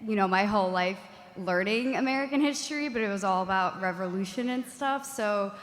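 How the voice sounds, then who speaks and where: A woman's voice: mid-range voice, a little fast. A woman from New York City stepping up to a mic at a convention panel, friendly and talkative as she asks her question. Her voice sits mid-range with long hall reverb around it. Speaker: audience member asking a question.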